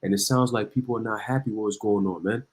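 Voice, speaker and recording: A man's voice: on the low side, fairly even intonation, fast, rough recording. A man preaching in heated commentary on the news, reading articles aloud and then ranting. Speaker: online preacher.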